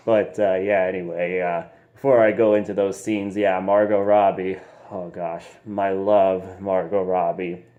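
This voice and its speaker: A man's voice: lowish voice, level tone, moderate pace, dark tone, lo-fi sound. Rambling, giggly young-sounding man reviewer. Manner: rambling, giggly, peppered with mild slang. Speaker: movie reviewer. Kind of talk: casual video review.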